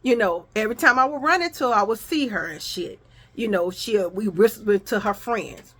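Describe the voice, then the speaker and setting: A woman's voice: mid-range voice, animated, moderate pace, breathy edge. A woman vlogger telling a story to her viewers in a casual, profane style, acting out the arguments she quotes.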